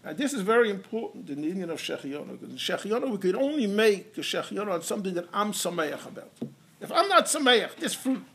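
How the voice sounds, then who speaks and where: A man giving a Torah lecture in English, animated, peppered with Hebrew and Yiddish terms and telling stories with quoted dialogue. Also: high voice, fast, vocal fry, few pauses, a little hiss or hum. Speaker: rabbi teaching halacha.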